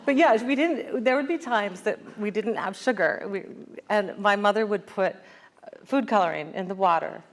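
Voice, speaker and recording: American woman, author guest onstage, thoughtful and halting, mid-pitched voice. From United States. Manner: reflective, many fillers and restarts. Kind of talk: onstage conversation.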